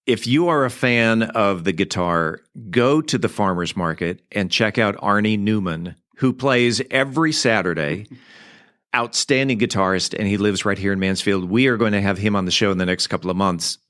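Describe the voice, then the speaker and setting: A man's voice: on the low side, moderate pace, fairly bright tone. A man hosting a local community podcast, chatting easily with a guest. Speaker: podcast host. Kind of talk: casual interview talk.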